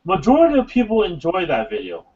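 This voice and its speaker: A man with a slightly high voice hosts a live building stream, chatting casually and joking with friends. He explains in halting bursts full of fillers. The audio is dull and lo-fi. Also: wildly swooping pitch, breathy edge.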